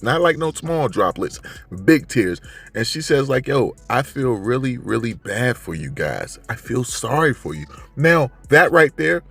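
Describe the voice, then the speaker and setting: A man giving a casual, animated chapter recap in slangy speech, talking straight to his viewers. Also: medium pitch, creaky. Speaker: manga reviewer.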